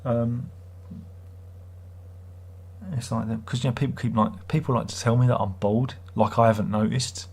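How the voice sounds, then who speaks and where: A middle-aged man with a husky, slightly breathy voice. He rambles casually through a livestream and reads out viewer comments. His replies are sarcastic and teasing, at an ordinary, middling pitch. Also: fairly even intonation, moderate pace, long pauses, darkish tone. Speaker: livestream host.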